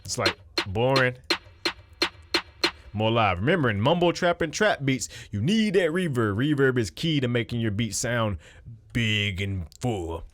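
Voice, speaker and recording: A man's voice: medium pitch, animated, normal speed, faint music behind. A man talking casually through a beat-making tutorial at his computer, loose and conversational with frequent restarts. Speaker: music producer.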